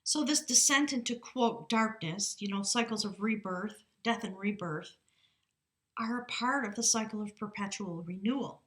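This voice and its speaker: A woman's voice: medium pitch, normal speed, a bit bright. A middle-aged woman giving a chatty, enthusiastic tarot reading, now and then reading aloud from a book. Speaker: tarot reader. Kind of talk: casual spoken tarot reading.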